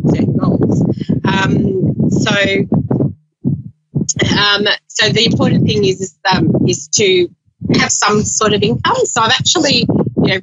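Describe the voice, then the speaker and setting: A woman guesting on a talk show, speaking casually and hesitantly with many ums. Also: mid-range voice. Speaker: guest, small business owner. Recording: dull lo-fi audio with clear noise.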